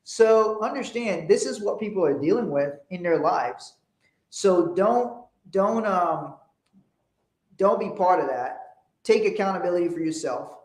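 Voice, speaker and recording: A middle-aged man hosting a casual motivational talk, rambling with frequent restarts and growing animated when he tells stories. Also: high-pitched, a little slow, echoey room. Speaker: podcast host.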